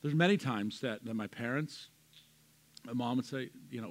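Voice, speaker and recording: A man preaching as pastor of a church, swinging from loud emphatic lines to soft quiet asides. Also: medium pitch, normal speed. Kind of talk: sermon.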